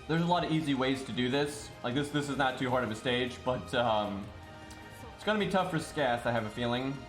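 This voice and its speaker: A man's voice: mid-range voice, a little fast, roomy sound. A man streaming a game live, thinking aloud in loose casual chat and swearing now and then. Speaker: streamer playing a mobile game. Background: faint game music.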